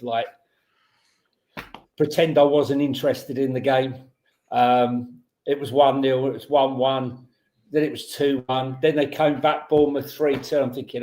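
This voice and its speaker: A man's voice: mid-range voice, darkish tone. A man co-hosting a casual football podcast, talking in an easygoing, laid-back manner. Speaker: podcast co-host. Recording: roomy echoey sound.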